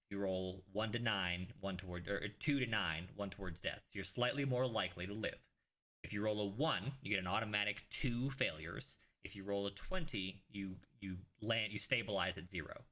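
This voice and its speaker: A man's voice: on the low side, normal speed, sharp tone. A man running a tabletop game as game master, narrating casually with fillers and restarts.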